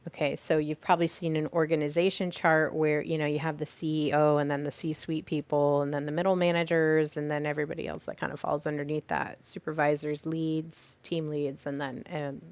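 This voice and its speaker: A woman's voice: low-pitched, a little mellow. A woman hosting a podcast, teaching about teamwork in a chatty, casual way with restarts and examples, speaking from home by a fireplace on a call. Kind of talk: casual teaching talk to a live audience.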